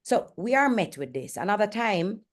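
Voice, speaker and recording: A woman's voice: mid-range voice, very animated, normal speed. Frank Jamaican woman in her forties. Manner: frank and earnest, speaks bluntly. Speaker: host and fitness coach. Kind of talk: candid motivational talk.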